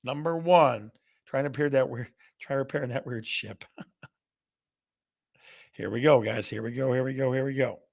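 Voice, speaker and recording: Speaking at a moderate pace with medium pitch, fairly even intonation and vocal fry, this man pauses often. He hosts a live real estate stream, playfully asking viewers questions, repeating them, and reading back their responses.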